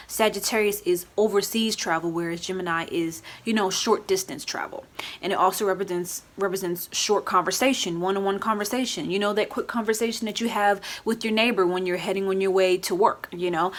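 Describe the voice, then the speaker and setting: A woman casually explaining astrology in a vlog, chatty, often adding "you know" and "right?", and acting out quoted moods in lively voices. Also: on the low side. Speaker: astrology YouTuber.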